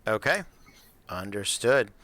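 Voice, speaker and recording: Bright-voiced man running the game. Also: on the low side, big pitch swings, takes it slowly. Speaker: game master. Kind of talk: running a tabletop game online.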